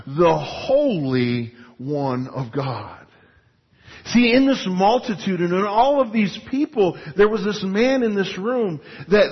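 A pastor preaching a sermon in an animated, emphatic, conversational way with frequent restarts. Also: male voice, high-pitched, breathy edge. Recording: dull lo-fi recording.

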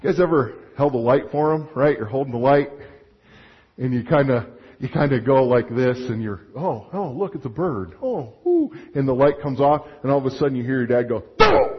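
A male pastor preaching a sermon in an animated way, acting out little scenes and restarting his sentences. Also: mid-range voice, fairly quick. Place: church sanctuary. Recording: muffled sound with long hall reverb.

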